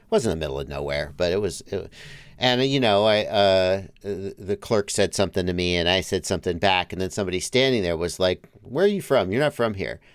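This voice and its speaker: A man who grew up in Georgia hosting a livestream, chatting casually, laughing easily and trailing off quietly. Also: deep voice, brisk, clear, resonant tone, dry recording, studio quality. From Georgia, US South. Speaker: livestream host. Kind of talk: casual chat.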